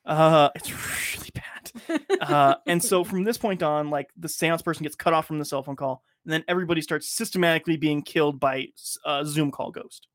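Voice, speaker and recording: A rambling, profane male podcast host, his voice slightly higher than most men's. He is recorded close and dry, with no room sound. He talks in loose, filler-packed sentences. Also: steady tone, fairly quick, hardly any pauses, a bit bright, no room sound. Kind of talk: casual chat.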